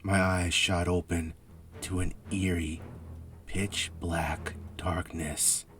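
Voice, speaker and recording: A man narrating a first-person horror story in a measured, ominous way with a husky voice. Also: low voice, little pitch movement, music in the background.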